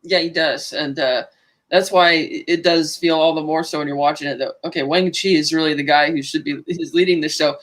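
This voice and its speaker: A man casually talking through a movie with his co-hosts, chatty and quick to laugh. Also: a little high, fairly even intonation, a bit bright. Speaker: podcast co-host.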